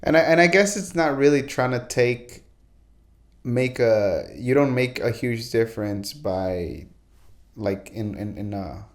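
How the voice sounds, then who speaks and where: A man's voice: medium pitch, lively intonation, a little slow. A man hosting a podcast, asking casual questions and often repeating words as he forms them. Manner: stammering, repeats words while forming questions. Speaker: podcast host. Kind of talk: casual interview.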